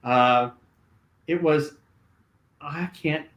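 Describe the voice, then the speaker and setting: A man's voice: on the high side, drawn-out words, fairly bright tone. An older man, a guest, telling stories animatedly with lots of fillers and restarts. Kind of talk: casual storytelling. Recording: roomy echo.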